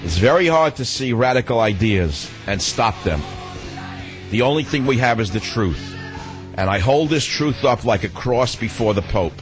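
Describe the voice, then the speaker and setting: A man hosting a talk radio show, delivering an indignant, combative monologue with sudden leaps in pitch. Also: animated, normal speed, music in the background.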